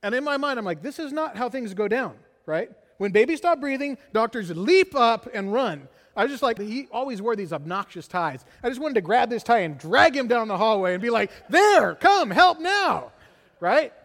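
A middle-aged man preaches from the pulpit, his voice pitched high. He tells a personal story with animated energy and tags many lines with "right?". His words ring out in the long reverb of a church sanctuary. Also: fairly quick, few pauses. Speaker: pastor.

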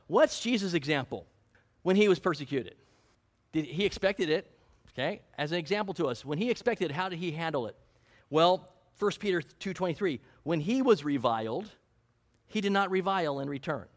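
A man's voice: sits high, a bit bright. A man preaching a sermon with earnest emphasis, quoting scripture and asking his listeners questions. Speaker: pastor.

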